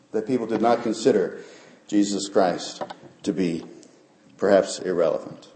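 A man's voice: lowish voice, normal speed, pauses often, dark tone. A man preaching a sermon as pastor, talking earnestly and building up to emphatic peaks. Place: church sanctuary. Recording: echoey church sanctuary.

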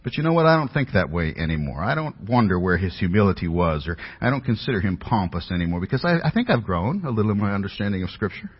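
A man's voice: on the low side, big pitch swings, fast talker, hardly any pauses, husky. A man preaching a sermon as a pastor, telling stories about himself in an earnest, self-deprecating way. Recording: dull audio with long hall reverb.

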